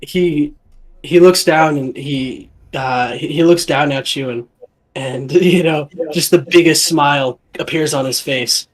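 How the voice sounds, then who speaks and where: Halting, rambling man narrating a game. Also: on the high side, low-quality recording. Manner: rambling, halting, lots of fillers. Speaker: dungeon master. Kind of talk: live tabletop game narration.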